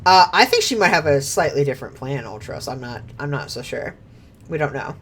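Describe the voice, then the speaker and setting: A woman's voice: very deep voice, animated, a little fast, fairly bright tone, slightly rough. A woman streaming a video game, chatting casually, laughing often, swearing freely and reading game lines aloud. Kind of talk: casual gameplay commentary.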